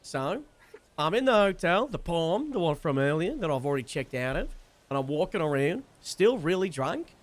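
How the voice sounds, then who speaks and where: A young man, telling a long story in casual chat, animated and swearing freely. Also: fairly high pitch, normal speed. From Wales. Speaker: streamer.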